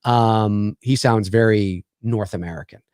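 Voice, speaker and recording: A man's voice: fairly low pitch, measured pace, darkish tone, clear, resonant tone, no room sound, clean studio sound. A Canadian man in his forties, hosting a casual chat and rambling through stories with many restarts. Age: 40s. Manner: rambling, many restarts and "you know what I mean". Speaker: podcast host.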